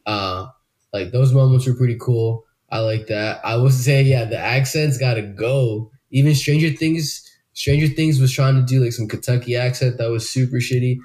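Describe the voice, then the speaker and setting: A man's voice: medium pitch, normal speed, darkish tone. A man hosting a casual movie review podcast, talking in a loose, rambling way with frequent swearing. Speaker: podcast host.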